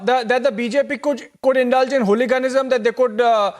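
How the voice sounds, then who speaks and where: A man's voice: very high voice, fairly even intonation, fairly quick, a crowd in the background. A man, a news anchor moderating a live debate, probing guests with hesitant fillers.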